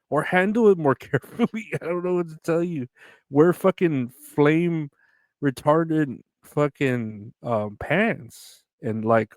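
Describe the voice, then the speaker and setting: A man's voice: medium pitch, dry recording. Man hosting a casual podcast, tired and yawning, rambling and sarcastic, dry close sound. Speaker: podcast host. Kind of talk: casual solo podcast chat reading news.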